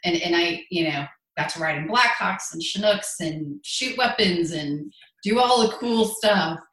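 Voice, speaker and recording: Low-voiced woman in her forties, echoey room. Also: unhurried, fairly bright tone. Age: 40s. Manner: earnest, self-deprecating. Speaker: guest. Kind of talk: conversational interview.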